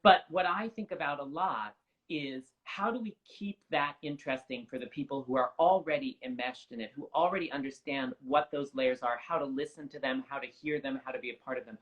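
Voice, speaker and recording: A man's voice: medium pitch, brisk, a bit bright, lo-fi sound. A young man speaking as an opera singer guest in an interview, articulate, earnest and reflective. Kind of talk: conversational interview.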